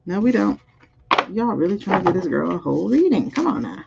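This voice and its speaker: A woman's voice: on the low side, sing-song, a little fast, gravelly, noisy background. A woman doing a live-streamed spiritual card reading, musing aloud over the cards and chatting with viewers. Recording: dull, muffled audio.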